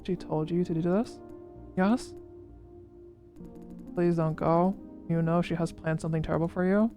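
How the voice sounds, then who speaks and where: Faint music plays behind a streamer reading visual novel dialogue in a steady, mellow, mid-range voice at a moderate pace. They lend each character's lines separate emphasis during the playthrough.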